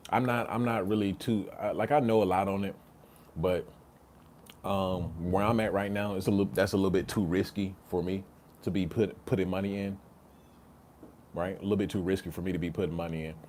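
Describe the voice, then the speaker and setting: A man with a slightly low voice holds forth on a casual livestream, slangy and emphatic. He circles back over his own phrases and keeps asking "right?" to drive each point home. A faint hiss of noise sits under the recording. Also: steady tone, a little fast, darkish tone. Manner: repetitive, emphatic, slangy, rhetorical "right?" tags. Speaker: livestream host reading chat.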